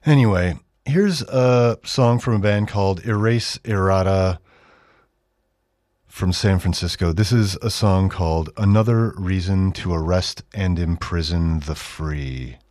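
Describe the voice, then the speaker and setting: A man's voice: low-pitched, a little slow, a little mellow, no echo, studio quality. A middle-aged man hosting a radio show, giving sarcastic commentary and mocking the texts he reads aloud. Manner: sardonic, mocking, with exaggerated read-aloud quotes. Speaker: radio host.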